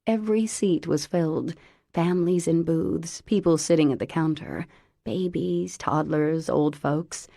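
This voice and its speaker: A woman narrating an audiobook in an expressive, unhurried storytelling manner. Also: low voice, creaky, no room sound, studio quality. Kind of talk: scripted narration.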